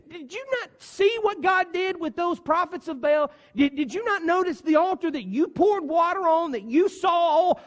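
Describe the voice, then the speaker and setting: A man voicing an impatient male companion who scolds loudly and bossily. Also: very high voice, voice pushed up, heavily acted. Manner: loud, exasperated, bossy. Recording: long reverb of a church hall.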